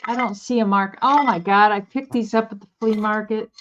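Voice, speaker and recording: A woman's voice: mid-range voice, steady tone, moderate pace, a little hiss or hum. Woman, live sale co-host, rambling chatty talk, dull lo-fi sound. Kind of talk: casual live sale chat.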